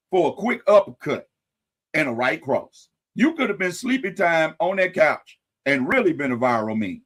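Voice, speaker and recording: Male live-stream host, slightly high voice, casual and animated, full of folksy sayings. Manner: animated, folksy sayings, wry asides to viewers.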